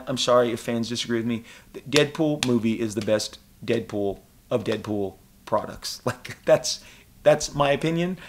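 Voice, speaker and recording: Man in his forties, casual interview talk, excitable, acts out quotes. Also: medium pitch. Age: 40s. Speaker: comic book creator interviewed. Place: convention interview room.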